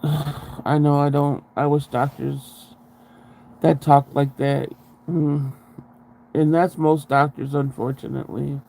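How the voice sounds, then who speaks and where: A man telling his own story in a casual interview, frank and halting, with blunt swearing. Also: fairly high pitch, level tone, creaky, darkish tone, a little hiss or hum, poor audio.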